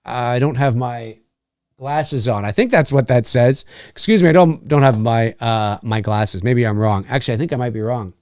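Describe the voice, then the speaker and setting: A man hosting a casual live stream, reading viewer questions in a rambling, halting way. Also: mid-range voice, a little mellow, dry recording, clean studio sound. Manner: rambling, halting, with many restarts and fillers.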